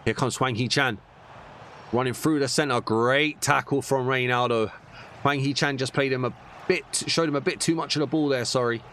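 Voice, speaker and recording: A young man commentating on a football video game, veering between excited shouts at goals and muttered frustrated grumbling. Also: medium pitch, slight background noise. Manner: animated, bursts into shouts at goals. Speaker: gaming YouTuber. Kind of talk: gameplay commentary.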